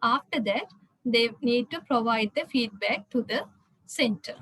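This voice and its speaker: Woman lecturer, high pitch, halting delivery full of fillers, slide-lecture read. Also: animated, a bit bright, slightly rough, rough recording. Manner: hesitant, frequent "uh" fillers and restarts.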